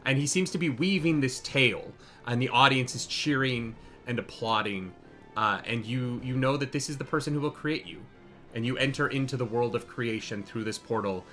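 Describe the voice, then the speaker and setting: A man narrating as game master in a live tabletop charity game, excitable and swearing freely. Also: mid-range voice, moderate pace, faint music behind.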